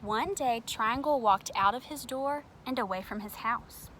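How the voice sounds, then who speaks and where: A woman reading a picture book aloud to children at home, gentle and expressive, talking straight to her young viewers. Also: a little high, measured pace, a little hiss or hum.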